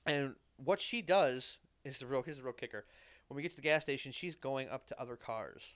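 A man's voice: mid-range voice, fairly quick, fairly bright tone, no echo. A man hosting a podcast, telling a long, rambling, profane personal story with self-deprecating asides in a casual chat. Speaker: podcast host.

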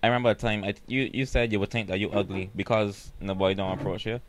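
A man's voice: lowish voice, fairly even intonation, fast, a little hiss or hum. A young man, a podcast co-host who teases and jokes while setting up scenarios in casual chat. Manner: joking, teasing, sets up scenarios.

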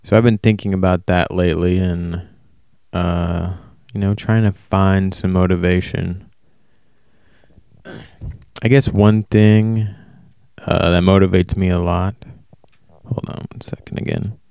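A man talking alone in a casual, rambling monologue, flat and self-described as monotone, often stopping to correct himself. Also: low voice, slow pace, long pauses, clean tone, no echo. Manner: casual, swears. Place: warm indoor room.

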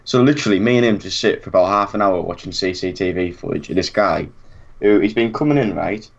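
A young man telling an animated anecdote in casual chat, acting out what people said and laughing often. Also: low-pitched, fast talker, gravelly. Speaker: storyteller. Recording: dull lo-fi recording.

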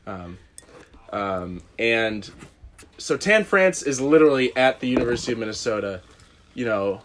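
A man's voice: mid-range voice, expressive, moderate pace, a bit bright, slight background noise. A young man casually telling a rambling, self-deprecating story on a podcast, often laughing. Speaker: guest.

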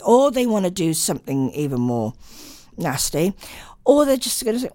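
A woman's voice: a little high, wildly swooping pitch, fairly quick, no room sound. A tired woman hosting late-night radio, chatting and rambling with lots of ums. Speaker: radio host.

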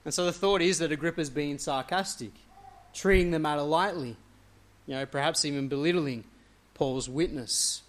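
Earnest male preacher, slightly high voice. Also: normal speed. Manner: earnest expository preaching, leaning into quoted scripture. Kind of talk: sermon.

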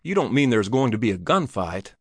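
A man's voice: medium pitch, very animated, brisk, no echo, clean studio sound. A man voicing a jocular travelling salesman in an old Western story who fires off anxious questions.

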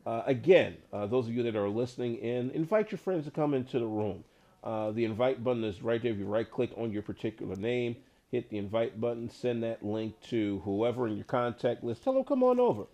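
A man hosts an online hockey league show in a casual, chatty way. He is enthusiastic and rambles, with many fillers and repeated words. His voice sits at a middle pitch. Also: expressive, brisk, dark tone.

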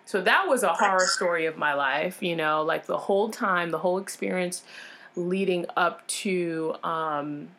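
Lower-voiced woman telling a personal story. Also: a little slow, a little hiss or hum. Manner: animated, acts out others' lines in changed voices; frank, emotional retelling with frequent fillers. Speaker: interview guest.

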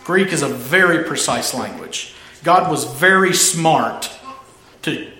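A man with a high, bright voice preaches a sermon, hammering home and repeating his key phrases. The recording has an echoey room sound. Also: animated, slow.

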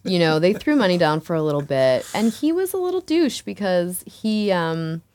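A woman who works as an exotic dancer tells a story as an interview guest, speaking frankly and casually in a voice on the low side that is a little mellow. She's very animated at normal speed, swearing, laughing often, and filling gaps with "like" and "you know."

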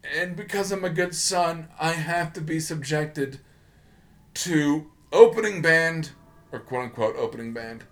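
A man's voice: a little high, a little slow, fairly bright tone. A man co-hosting a podcast, ranting sarcastically in casual talk, getting worked up and swearing. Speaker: podcast co-host. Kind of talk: casual comedic rant.

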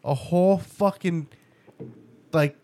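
A man in his thirties chats casually and tells a story about his son with lively, profane energy. His voice sits a little high, and he talks slowly and drawn out, often breaking off to laugh. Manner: animated, laughing often, lots of swearing. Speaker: father, podcast co-host.

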